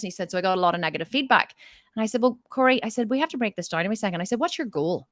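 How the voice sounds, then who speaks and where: Animated woman coach, dry close sound. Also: medium pitch, racing, no room sound. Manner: animated storyteller, acting out both sides of a dialogue. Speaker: fitness and mindset coach. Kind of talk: motivational talk with a personal story.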